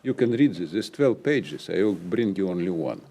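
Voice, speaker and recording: A man's voice: low-pitched, lively intonation, normal speed, vocal fry, warm tone, a little hiss or hum. Older non-native English speaker, male, public commenter; emphatic rant, darker tone. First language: not English. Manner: broken English, emphatic and ranting. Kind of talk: public comment at a city council meeting.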